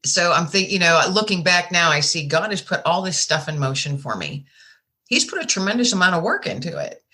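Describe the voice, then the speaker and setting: Bright-voiced woman, candid podcast guest. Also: fairly low pitch, big pitch swings, a little fast. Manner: plainspoken, candid, folksy. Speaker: guest author. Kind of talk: podcast interview.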